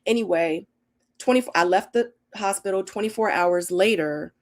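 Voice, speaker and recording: Speaking at a moderate pace in a mid-range voice, a middle-aged woman runs a relaxed live Q&A. She goes through viewer comments and spins emphatic, chatty stories, performing the quoted lines.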